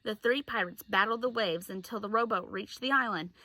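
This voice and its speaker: A woman teacher reading a chapter book aloud, in slow, clear storytelling. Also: mid-range voice, sharp tone, no echo.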